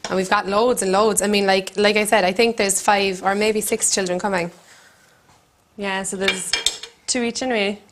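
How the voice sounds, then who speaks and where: A woman's voice: medium pitch, steady tone, normal speed, a bit bright, slight background noise. Laughing self-deprecating Irish woman. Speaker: comedian host. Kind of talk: storytelling to camera. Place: country kitchen.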